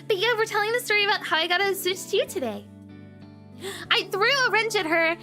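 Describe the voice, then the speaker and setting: A woman's voice: extremely high pitch, expressive, a little fast, a bit bright, soft background music. A young woman streamer chatting casually and telling a story in a bubbly, giggly way. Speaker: variety streamer.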